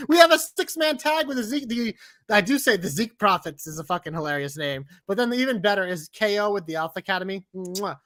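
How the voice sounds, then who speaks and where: Podcast co-host, male, animated swearing rant, dead-dry close mic. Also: high voice, dry recording. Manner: animated ranting, swears freely. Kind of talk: casual wrestling chat.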